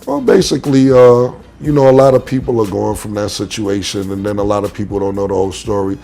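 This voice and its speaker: New guy, animated storyteller in a casual interview, faint music under him. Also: fast, creaky. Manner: animated storyteller, acts out quotes with big pitch jumps. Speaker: rapper being interviewed.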